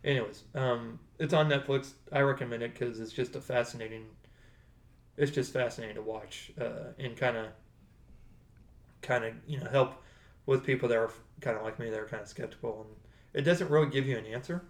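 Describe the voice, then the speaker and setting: A man with a medium-pitched voice talks briskly as a podcast co-host, chatting casually. He rambles and corrects himself mid-thought, and the recording has a roomy echo.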